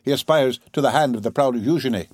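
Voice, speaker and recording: Chatty young viscount, read by a guy, animated and gossipy, dry close audiobook sound. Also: mid-range voice, fast, no room sound, natural voice. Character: young male French viscount, lively and gossipy. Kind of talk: audiobook character voice.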